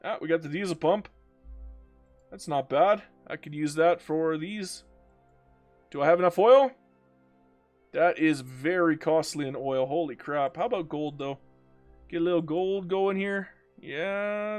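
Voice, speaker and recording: A man with a fairly high voice streams a strategy game live. He chats casually, jokes with his viewers and reads their comments aloud. Faint music plays underneath. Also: measured pace. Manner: joking, talks to himself and reads chat aloud.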